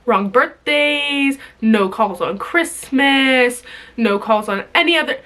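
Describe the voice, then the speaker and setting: A young woman vlogger with a high, sharp, animated voice vents slowly straight into the camera in an emotional rant. She's cuttingly sarcastic and swears, and now and then her voice cracks.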